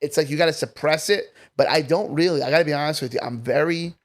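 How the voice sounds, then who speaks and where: A man's voice: on the high side, quick pace. A man, a comedian chatting as a guest on a podcast in a brash, profane way. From Staten Island, New York. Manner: brash, profane, jumps between topics. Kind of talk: casual podcast chat.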